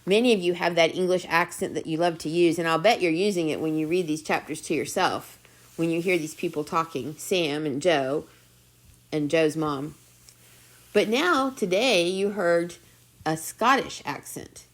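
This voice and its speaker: A woman teacher reads a children's novel aloud in a gentle, encouraging way. Her voice sits somewhat low, and she speaks warmly to her young listeners between passages. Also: measured pace.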